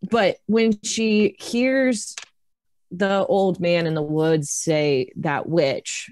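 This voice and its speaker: A woman's voice: low-pitched, expressive, slow pace, a little mellow, no room sound, studio quality. A woman player in a tabletop horror game, narrating her character's actions with emotion and frequent laughter.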